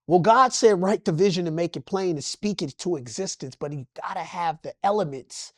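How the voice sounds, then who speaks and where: A man's voice: sits high, brisk, hardly any pauses, dry recording, clean studio sound. A man from Los Angeles, a guest in an interview, talking about his life with passion, in preacher-like bursts and repeated phrases. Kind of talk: emotional personal interview.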